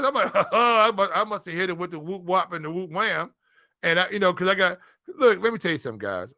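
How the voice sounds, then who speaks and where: High, bright-voiced man joking around on a podcast. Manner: teasing, rambling storyteller. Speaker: podcast co-host. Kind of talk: casual sports podcast banter.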